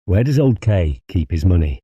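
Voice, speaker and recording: A man voicing a cold, scheming male doctor who talks calmly and persuasively. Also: low-pitched, breathy edge, dry recording, highs cut off, heavily acted. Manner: calm, measured, coaxing.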